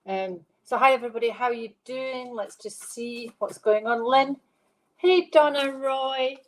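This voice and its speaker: A woman's voice: fairly high pitch, unhurried, low-quality recording. A middle-aged woman who works as a psychic medium, giving chatty, rambling readings on a live stream and reading viewers' comments aloud.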